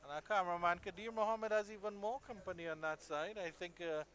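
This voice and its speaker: A male cricket commentator with a slightly high voice calls the play live in a bright, forceful tone. He stays measured between deliveries but bursts into loud, excited calls whenever a big shot lands.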